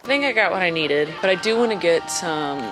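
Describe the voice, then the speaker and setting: A woman's voice: on the low side, lively intonation, brisk, over music. A woman chatting casually to her camera in a rambling, self-mocking vlog as she goes about her errands. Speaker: vlogger. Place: at home and out on errands.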